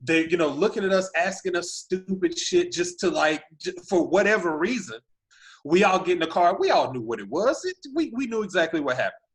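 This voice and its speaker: A man in his twenties tells a story on a podcast in a fairly high voice. He is animated, acts out the other people's voices, and fills his talk with "like.". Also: fairly quick. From Humble, Texas. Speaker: podcast guest. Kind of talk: casual storytelling.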